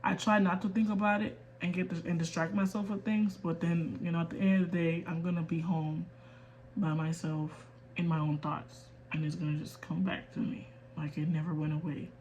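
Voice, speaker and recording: A young woman from the US in her twenties talks candidly to camera in a personal rant. She speaks quietly and holds back emotion, then turns firm and emphatic. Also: lowish voice, level tone, brisk, muffled recording, a little hiss or hum. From United States. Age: 20s. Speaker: vlogger.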